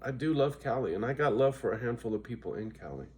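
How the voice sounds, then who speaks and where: A fast-talking middle-aged man with a medium-pitched, expressive, darkish voice vlogs to his viewers. He's worn out and loopy, rambles chattily, curses freely and keeps saying "right?"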